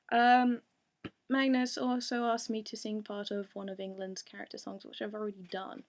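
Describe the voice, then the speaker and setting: A woman's voice: medium pitch, dry recording. A young woman answering fan questions in a casual voice meme, hesitant and full of ums. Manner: hesitant, with many pauses and ums.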